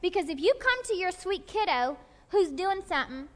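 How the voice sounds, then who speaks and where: A woman teaching a group in a live session. She talks in an animated way, acts out short quoted voices and keeps checking that her listeners follow. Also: very high-pitched, normal speed. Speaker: workshop teacher. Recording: long hall reverb.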